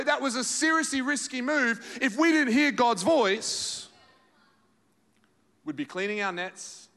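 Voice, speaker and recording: Aussie pastor guy preaching, bright punchy voice, big echoey church hall. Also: very high-pitched. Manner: animated storytelling preacher, acts out quoted voices. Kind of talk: sermon. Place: large church auditorium. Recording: reverberant hall.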